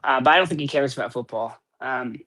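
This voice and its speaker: A man's voice: medium pitch, quick pace, pushed and bright. A man co-hosting a casual sports podcast, rambling and opinionated with plenty of swearing. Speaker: podcast co-host.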